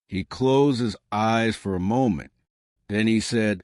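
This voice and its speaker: A man narrating a graded story in short, measured sentences. His lowish voice moves slowly but rises and falls expressively. The sound is dry and close. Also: lively intonation, no room sound. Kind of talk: scripted storybook narration for English learners.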